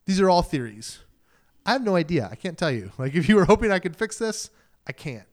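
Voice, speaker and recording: A man's voice: high-pitched, fairly quick. Conversational male pastor preaching. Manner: conversational, animated, acts out quoted voices. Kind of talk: sermon.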